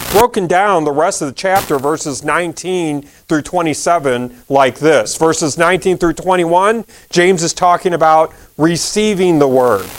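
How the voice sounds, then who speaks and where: Guy preaching a sermon, kinda high voice, chatty, says things twice, lots of ums. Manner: conversational preaching with repeated phrases and fillers. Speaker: pastor.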